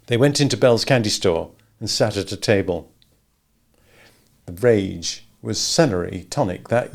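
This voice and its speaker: A man's voice: on the low side, a little mellow. A man narrating a novel as an audiobook, reading expressively.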